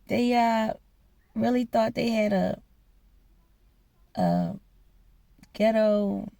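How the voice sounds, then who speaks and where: A woman's voice: mid-range voice, creaky, no echo. A woman vlogger telling a personal story in a blunt, profane, emphatic way. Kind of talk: casual storytelling rant.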